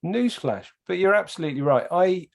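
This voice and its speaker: A man, a podcast guest, telling stories in casual chat, animated and swearing freely. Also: medium pitch, moderate pace. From England.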